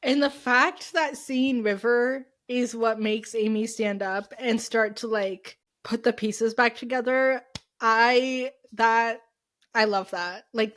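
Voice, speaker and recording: A bubbly young woman with a fairly high voice chats casually as a podcast co-host. She laughs often and fills her talk with likes and quick asides. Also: a bit bright. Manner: bubbly, giggly, lots of likes. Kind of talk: casual chat.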